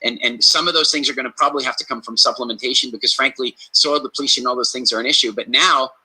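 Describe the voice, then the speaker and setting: A man giving health advice on a podcast in an energetic, emphatic conversational way, repeating key phrases for stress and acting out little stories. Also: mid-range voice, fast, slightly rough, low-quality recording. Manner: storytelling, acts out quoted reactions.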